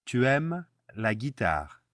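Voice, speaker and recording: A man's voice: medium pitch, sing-song, slow pace, fairly bright tone, no echo, clean studio sound. A man teaching a French lesson, patiently explaining pronunciation and repeating phrases for the listener to copy. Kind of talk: language lesson with repeat-after-me drills.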